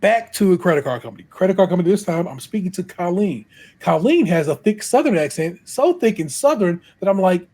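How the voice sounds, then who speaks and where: This is a middle-aged man with an Ohio accent, talking casually on a podcast. His voice sits a little high and has a husky edge. He tells stories in an animated way, laughs often, and acts out the people he quotes. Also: brisk. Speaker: podcast co-host. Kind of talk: casual chat.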